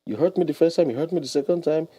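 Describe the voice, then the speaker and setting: A man, giving lively advice as a guest on a radio talk show, explaining with everyday examples and laughing often. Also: on the high side, rapid-fire, slightly rough, dry recording. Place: radio studio.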